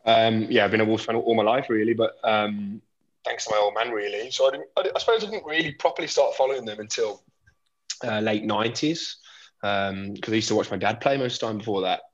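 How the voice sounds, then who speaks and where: Guest, man, lowish voice, muffled lo-fi line, easygoing with many ums. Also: brisk. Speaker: podcast guest. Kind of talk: casual football podcast chat.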